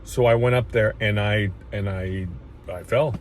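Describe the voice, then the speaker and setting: A man with a fairly low voice tells his life story in a loose, rambling way, circling back and restarting sentences as feeling creeps in. A faint hiss of background noise sits under the recording. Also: fairly even intonation, a little slow. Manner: rambling, many restarts, emotional at times. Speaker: chiropractor sharing his story. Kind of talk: casual personal storytelling.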